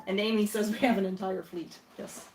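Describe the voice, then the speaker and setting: A woman's voice: medium pitch, steady tone, a little fast, darkish tone. A woman co-hosting a livestream, chatting drily and reading out viewer comments. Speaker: livestream co-host. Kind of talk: casual unboxing chat. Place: home basement. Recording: echoey room with clear background noise.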